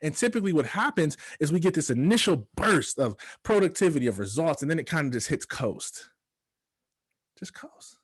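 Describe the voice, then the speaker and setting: A man from Michigan giving a motivational speech, telling his own story with dramatic pauses and hushed asides. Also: fairly high pitch, big pitch swings, breathy edge, no echo, clean studio sound. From Michigan, USA. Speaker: motivational speaker.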